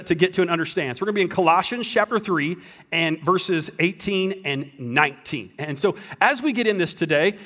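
A man's voice: high-pitched, a bit bright. A man preaching a sermon as pastor, telling a story with jokes and restarting his sentences often. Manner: storytelling, joking, many restarts.

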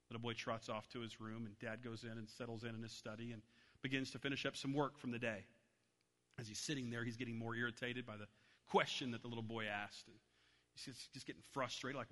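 A man's voice: medium pitch, fast, bright, forceful tone. A man preaching a sermon, telling a story and acting out its voices. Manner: storytelling, acts out voices in anecdotes. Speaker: pastor. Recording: long hall reverb.

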